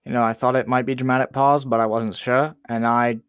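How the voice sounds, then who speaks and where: A man hosting a comedy talk show sketch, chatty and quick to apologize. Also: medium pitch, little pitch movement, smooth, dry recording.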